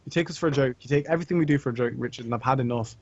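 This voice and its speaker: A man's voice: mid-range voice, very fast. A young man on a casual podcast call who stammers and rants in mock seriousness. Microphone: computer mic on a voice call. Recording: dull lo-fi call audio with faint hiss.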